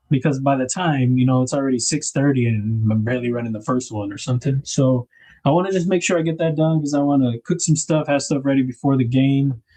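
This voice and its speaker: Man, livestream host, casual chat, husky, mellow tone. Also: mid-range voice. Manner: chatty, reads viewer comments aloud, laughs often.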